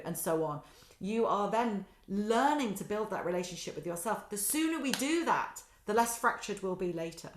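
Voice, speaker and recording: A woman, a guest telling animated stories in a casual podcast chat. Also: on the low side. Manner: animated storytelling, quotes others in lively voices. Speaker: guest, children's author. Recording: roomy echo.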